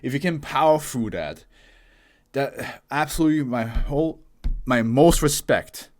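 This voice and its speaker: A man hosting a casual anime reaction, animated and profane. He laughs often and bursts into shouting. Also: medium pitch, a little slow.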